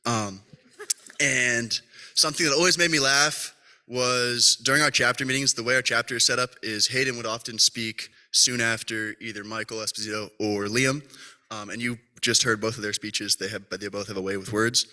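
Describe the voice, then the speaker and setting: A man's voice: mid-range voice, fairly even intonation, normal speed, bright, forceful tone. A young man speaking casually and wryly at a memorial, with hesitant fillers. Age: young adult. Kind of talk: storytelling at a memorial gathering.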